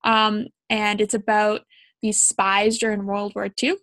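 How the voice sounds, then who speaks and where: A woman's voice: medium pitch, little pitch movement, takes it slowly, fairly bright tone, no echo. A young woman from Canada co-hosting a casual chat, talking with many ums and likes. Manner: chatty, frequent ums and likes.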